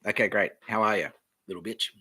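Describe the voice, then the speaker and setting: Husky man rambling casually. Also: on the low side, steady tone, a little fast, pushed and bright. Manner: offhand, joking, trails off into mumbles. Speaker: podcast host. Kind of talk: rambling casual commentary while reading aloud. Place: at home in front of a screen.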